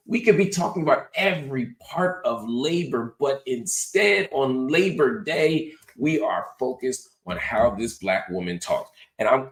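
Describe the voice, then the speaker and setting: Low-voiced guy doing sarcastic political commentary, animated and mocking. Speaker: host.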